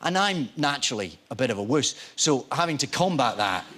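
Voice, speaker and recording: A Scottish man, a guest actor on a chat show, telling lively anecdotes and acting out the people in them. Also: medium pitch, fairly quick. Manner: animated storyteller, acts out voices in quotes. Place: TV studio with audience.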